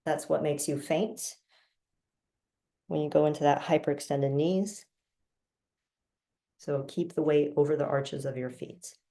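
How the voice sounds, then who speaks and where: Woman, breathing coach, calm slow cues, low pitch, echoey room. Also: creaky. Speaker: breathing instructor. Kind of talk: guided breathing instruction. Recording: roomy sound from a distance.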